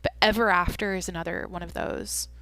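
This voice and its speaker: A woman's voice: lowish voice, fairly even intonation, a little fast, gravelly, fairly bright tone, no room sound. A young woman hosting a solo podcast, chatting casually and rambling as she thinks aloud and swears often. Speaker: podcast host.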